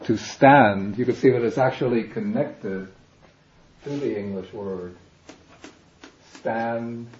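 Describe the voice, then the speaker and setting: A man teaching a language class, explaining slowly and patiently, step by step. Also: mid-range voice, a little mellow. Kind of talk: classroom lecture. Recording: dull, echoey classroom recording.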